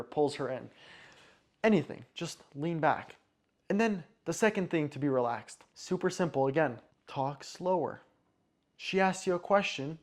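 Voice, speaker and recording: Man, dating coach, fairly high voice, emphatic, short commands, talks to camera. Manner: acts out relaxed date lines slowly. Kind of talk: direct-to-camera advice talk.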